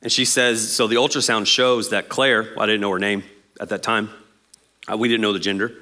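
A man, preaching a sermon as pastor in an animated, jokey way and acting out quotes. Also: on the low side, fairly quick.

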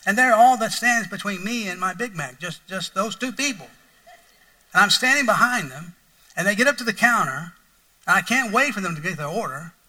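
High, bright-voiced pastor, preaching. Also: male voice, expressive, moderate pace, distant mic, poor audio. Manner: folksy, repetitive, rising to mock outrage. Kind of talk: sermon storytelling.

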